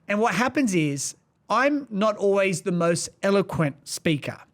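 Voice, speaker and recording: High-voiced passionate man. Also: very animated, unhurried. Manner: passionate, emphatic speaker. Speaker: podcast co-host. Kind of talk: casual podcast discussion.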